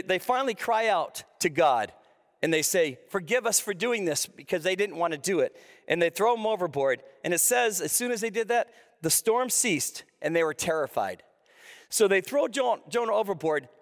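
A man preaching a sermon, reading scripture and then explaining it in a conversational way with frequent restarts. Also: high voice. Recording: echoey hall reverb.

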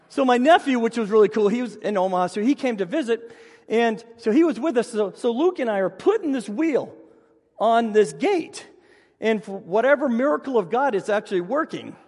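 Speaking from the pulpit in a church sanctuary with a long, ringing reverb, a high-voiced male pastor preaches a sermon woven with personal stories. He tells them with lively animation and pokes fun at himself along the way.

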